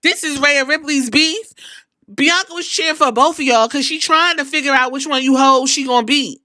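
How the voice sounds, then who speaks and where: Bright-voiced woman, lively wrestling recap. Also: sits high, normal speed, no room sound, studio quality. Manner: animated, profane, acts out quotes. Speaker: podcast host.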